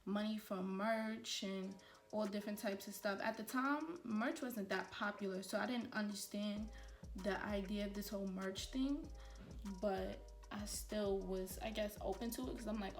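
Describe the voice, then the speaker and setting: A young woman chats through a storytime while doing her makeup, talking straight to her viewers with animated energy. Her voice sits at a middle pitch and carries the echo of a bare room, with faint music underneath. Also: normal speed, distant mic. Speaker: beauty vlogger.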